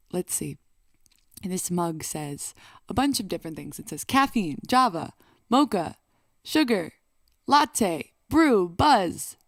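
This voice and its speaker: Woman vlogger, unhurried and playful, chatty, dry close recording. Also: mid-range voice, no room sound. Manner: playful and chatty, bursts into song. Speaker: singer and vlogger. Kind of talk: casual chat to camera.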